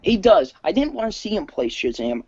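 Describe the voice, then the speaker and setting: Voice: mid-range voice, very animated, a little fast, a little mellow, breathy edge, no room sound. An eager guest on a casual live stream, jumping in to share opinions. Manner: eager, jumps in to try impressions. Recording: dull, dry lo-fi audio.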